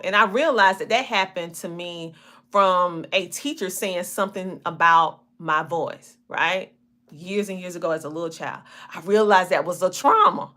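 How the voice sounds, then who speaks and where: A woman in her forties with a broad Southern US twang, chatting casually to a livestream audience. Her voice is bright and forward, and her words stretch and wander the way a country drawl does. She laughs easily between her points. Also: lowish voice. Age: 40s. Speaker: podcast host and coach. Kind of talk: casual livestream talk to viewers.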